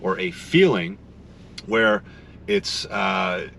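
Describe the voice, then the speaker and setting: Man, podcast co-host, measured, low voice, slight background hiss. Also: lively intonation, vocal fry, a bit bright. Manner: measured, explanatory, many "you know" fillers. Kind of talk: casual chat, explaining relationship advice.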